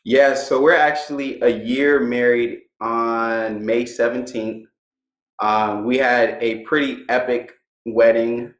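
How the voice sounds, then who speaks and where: A young man speaks as a guest in a relaxed, conversational interview. His voice sits in a middle register, and his storytelling is easygoing and punctuated with laughter. The recording has a noticeable echo, as if he is in a bare room. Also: medium pitch, slow pace.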